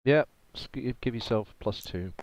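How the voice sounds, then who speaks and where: A man acting as game master of a tabletop game, chatting in a relaxed way and laughing often. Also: medium pitch, moderate pace. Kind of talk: running a tabletop game over voice chat.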